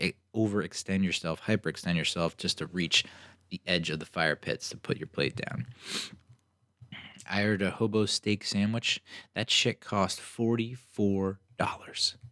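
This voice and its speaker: A young man with a very deep voice tells stories on his podcast, casual and sarcastic. He keeps it animated and slips into mocking versions of the people he met. The sound is dry and close. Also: no room sound. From New Jersey. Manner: animated, sarcastic, acts out other people's lines. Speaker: podcast host. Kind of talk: casual solo storytelling.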